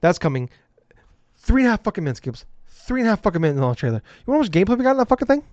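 A man's voice: sits high, very animated, very fast, darkish tone, no room sound. A man ranting heatedly in casual chat, swearing often and sounding exasperated. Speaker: podcast co-host. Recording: dull lo-fi dry sound.

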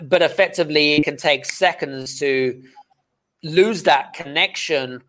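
A man hosting an interview, emphatic, with halting "um" fillers. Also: a little high, sharp tone. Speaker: host. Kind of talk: conversational interview.

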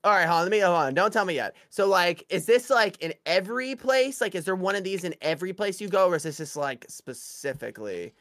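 Rambling guy thinking out loud. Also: sits high, lively intonation, a little fast, few pauses, dry recording, clean studio sound. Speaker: podcast co-host, guessing player. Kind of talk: casual podcast banter.

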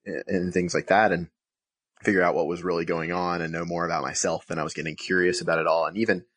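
A man's voice: low-pitched, little pitch movement, fast talker, a bit bright, no room sound. A man hosting a podcast interview, reflecting aloud and thinking through his words with many fillers. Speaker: podcast host. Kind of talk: conversational interview.

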